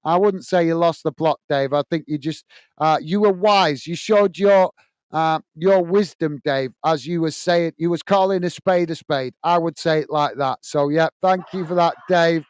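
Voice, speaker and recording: A man's voice: fairly high pitch, normal speed, clean tone, no echo. A man hosting a casual live stream, reading viewer comments aloud and chatting with many uhs. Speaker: host reading live chat.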